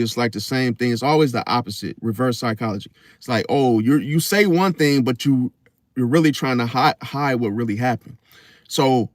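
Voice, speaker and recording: With a mid-range voice captured in echo-free studio quality, a young astrology commentator rants bluntly and casually. He swears, keeps saying "see?" for emphasis, and frequently stops and starts over.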